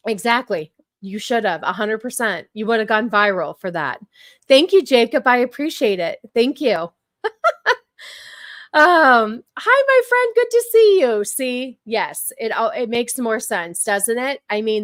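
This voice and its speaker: Woman host reacting to chat on a stream, slightly high, dry close recording. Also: a bit bright, no room sound. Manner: talks back to chat, many fillers and repeats. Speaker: livestream host. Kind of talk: casual livestream commentary.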